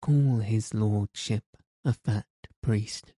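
A man's voice: lowish voice, takes it slowly, dark tone, breathy edge, dry recording, clean studio sound. A man voicing a courteous outlaw leader in an audiobook, speaking with mock solemnity. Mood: mock-grave. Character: grave, courteous male outlaw leader, gently mocking. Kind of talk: audiobook character reading.

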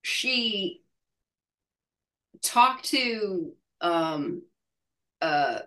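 A woman in her sixties, an actress being interviewed, telling a story in a halting way with many restarts and laughs. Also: mid-range voice, animated, bright, forceful tone. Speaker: actress guest. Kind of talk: casual interview chat.

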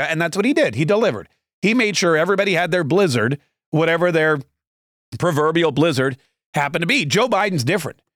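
A man's voice: fairly high pitch, fairly bright tone, no echo, clean studio sound. A man hosting a podcast, delivering a sarcastic, emphatic political commentary monologue. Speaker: podcast host.

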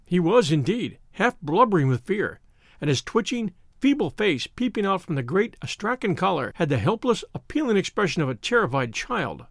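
An audiobook narrator, male, gives a dramatic scripted reading in a high, lively voice at normal speed. The sound is dry and close, with no room sound.

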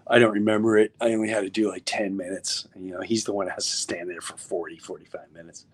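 A middle-aged comedian telling a story in a casual, animated way, acting out what others said. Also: male voice, sits low, fast. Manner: animated, acts out quoted voices, many restarts. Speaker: comedian guest.

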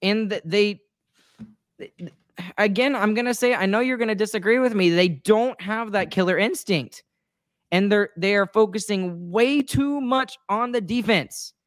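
A woman's voice: mid-range voice, measured pace, no echo, clean studio sound. A woman co-hosting a sports talk show, venting her frustration in a rambling, emotional way with many restarts and apologies. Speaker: sports podcast co-host. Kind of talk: casual chat.

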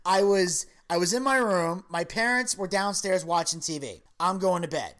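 A woman in her thirties chatting on a podcast, telling stories in an animated, profane way with sudden high, loud outbursts. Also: normal speed. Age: 30s. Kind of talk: casual chat, storytelling.

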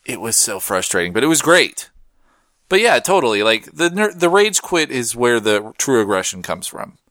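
Man, podcast co-host, playful and riffing, very lively pitch, dry studio sound. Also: no echo. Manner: playful, jokey, swearing, quick riffs. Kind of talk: casual podcast chat.

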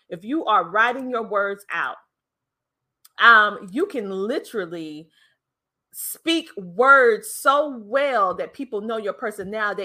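A woman's voice: mid-range voice, bright, forceful tone. A woman hosting a podcast, giving an emphatic motivational talk and stretching the words she stresses. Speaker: podcast host. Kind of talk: motivational speaking.

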